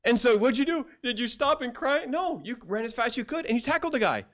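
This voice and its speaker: A man's voice: extremely high pitch, lively intonation, fast, a bit bright. A middle-aged male pastor preaching a sermon in a folksy storytelling way, acting out quoted voices.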